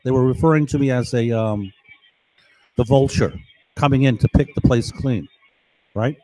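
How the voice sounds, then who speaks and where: A middle-aged man from New York speaks in a warm, mid-range voice at normal speed, recorded dry. He wanders through a long story, often checking "right?" or "you know?", and plays out the voices he overheard.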